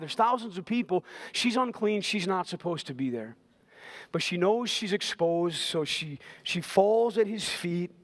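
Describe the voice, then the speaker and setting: A male pastor with a notably high voice preaches with emphasis. He hammers phrases again and again and builds them up into loud, driving passages. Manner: emphatic, repeating phrases, swelling to loud intensity. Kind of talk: sermon.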